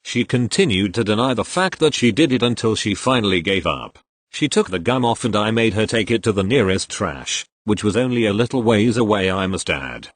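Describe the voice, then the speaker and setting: This is a text-to-speech male voice narrating online posts in a steady, mechanical cadence. It sits a little low in pitch. It reads symbol and emoji names aloud without any change in tone. The sound is dry and close, with no room in it. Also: brisk, no echo. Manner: even synthetic reading that speaks symbols and emoji names aloud. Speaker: story narrator.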